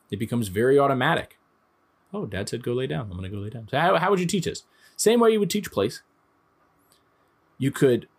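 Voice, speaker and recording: A man in his thirties, a dog trainer giving an instructional talk in a conversational way, explaining through everyday examples. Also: mid-range voice.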